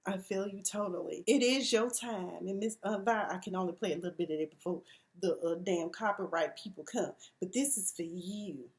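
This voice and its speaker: A woman in her forties, emotional, recapping a TV episode in a chatty, expressive way with slang. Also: mid-range voice, a little fast, slight background noise. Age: 40s. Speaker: TV review vlogger.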